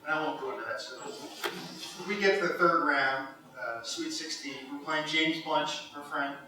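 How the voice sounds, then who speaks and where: A man's voice: a little high, measured pace, background noise. A middle-aged man from Ohio giving an induction speech, telling his stories with animation and frequent laughter. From Cincinnati, Ohio. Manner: animated storyteller, laughs often. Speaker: golf hall of fame inductee. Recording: echoey hall, mic far off.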